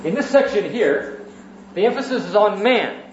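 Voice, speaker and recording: A man's voice: high-pitched, lively intonation, normal speed, slight background noise. A man preaching an evening sermon in a church, teaching in orderly sections and repeating key phrases for emphasis. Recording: roomy, muffled church recording.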